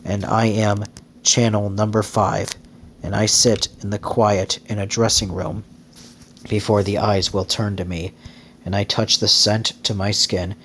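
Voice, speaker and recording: A man takes the part of a glamorous young actress lost in slow, rapturous reverie. The voice stays low and even, reading like an incantation, with a faint hiss underneath. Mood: dreamy.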